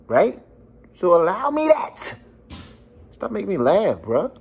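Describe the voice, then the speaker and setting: Animated, gravelly-voiced reaction host man. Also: high voice, slow, pauses often. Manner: animated, laughing, loose slangy talk. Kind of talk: casual reaction commentary.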